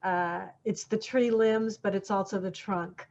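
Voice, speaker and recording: A woman's voice: medium pitch, steady tone, unhurried, a little mellow, dull audio, slight background noise. A woman guest on an art podcast, chatting casually and agreeably, often repeating words. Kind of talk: casual chat.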